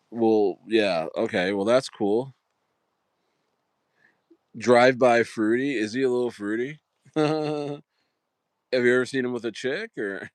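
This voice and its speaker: Man, low voice, dry close sound, casual rambling stream host, lots of ums. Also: no echo. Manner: rambling, chatty, lots of fillers and restarts. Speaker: livestream host. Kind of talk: casual livestream chat.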